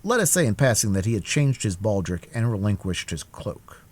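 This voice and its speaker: A man narrating a classic novel as a live-streamed cold read, expressive and animated. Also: on the low side, normal speed. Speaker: audiobook narrator.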